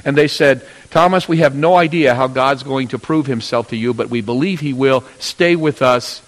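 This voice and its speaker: A man's voice: medium pitch, moderate pace. Preacher man in a reverberant hall. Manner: storytelling, acting out voices of biblical figures with sudden loud rises. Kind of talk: sermon.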